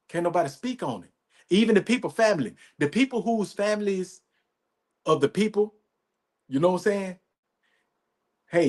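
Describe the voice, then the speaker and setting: Profane, emphatic man with a higher voice. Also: darkish tone. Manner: emphatic, profane, repetitive, says "you know what I'm saying". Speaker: podcast host. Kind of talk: profane commentary rant.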